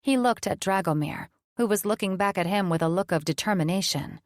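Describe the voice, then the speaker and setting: A woman narrating a fantasy romance audiobook in an even, measured storytelling style. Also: mid-range voice, dry recording, studio quality.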